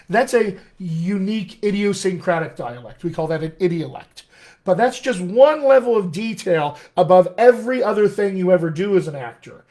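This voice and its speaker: Man, General American accent with a slight Colorado tinge, fairly high voice, enthusiastic dialect coach, encouraging, chatty with fillers, live-stream Q&A. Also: darkish tone. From Colorado, USA. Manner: enthusiastic and encouraging, addresses listeners as friends; chatty with frequent fillers and restarts.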